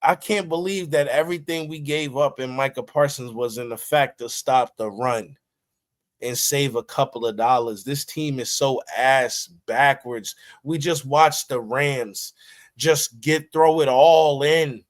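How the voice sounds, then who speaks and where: A man hosting a sports talk show, ranting emotionally after his team's loss, swearing, and reading out game stats. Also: a little slow. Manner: heated, swings between low mutters and high shouted outbursts, swears freely; reads stats in a flatter, steadier tone. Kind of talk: emotional post-game fan rant.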